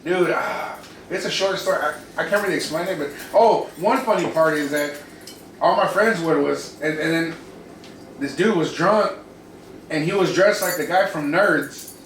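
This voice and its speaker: A young man in his twenties co-hosting a podcast, telling party stories in animated, profane casual chat. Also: fairly high pitch, normal speed. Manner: animated, profane, acts out quoted voices. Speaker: podcast co-host. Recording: roomy, distant mic, noisy.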